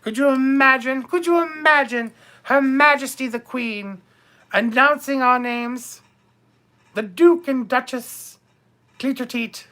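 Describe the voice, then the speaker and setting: Bawdy old duchess put on by a guy, high bright voice, drawls out darling and my dears. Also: heavily acted. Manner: theatrical, calls viewers darling and my dears. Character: bawdy aristocratic older duchess, woman, gossipy and theatrical. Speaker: live stream host. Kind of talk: comedic character live stream.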